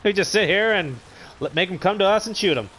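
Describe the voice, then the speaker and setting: A man's voice: high voice, lively intonation, brisk, fairly bright tone. A man hosting a gaming channel, giving laid-back, rambling commentary while he plays and chats to viewers. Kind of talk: casual gameplay commentary.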